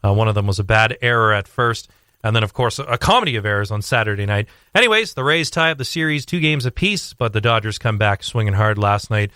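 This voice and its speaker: A young man talking sports on a radio show, rambling with fillers and restarts as he tells a story with growing excitement. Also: fairly low pitch, fast, smooth, dry recording, studio quality. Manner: animated storytelling. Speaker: sports commentator guest. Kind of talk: casual radio sports chat.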